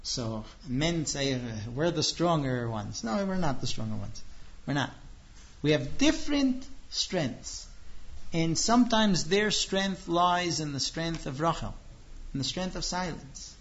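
A man with a slightly high voice gives a religious lecture. He explains patiently and earnestly, slipping into acted-out dialogues. The recording is dull and lo-fi. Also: expressive, unhurried, fairly bright tone. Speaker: religious teacher.

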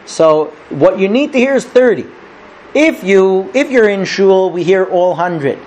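A man's voice: sits high, expressive, measured pace, a little mellow. A man, a rabbi, teaching a conversational lesson who keeps checking in with his listeners and acts out his stories. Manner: chatty, checks in with listeners by asking 'okay?' and 'right?'; tells stories and acts out the characters.

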